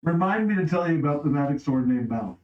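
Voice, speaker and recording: A man's voice: on the high side, lively intonation, quick pace, reverberant, lo-fi sound. A man playing a tabletop game, carefully checking the rules before he acts. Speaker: player.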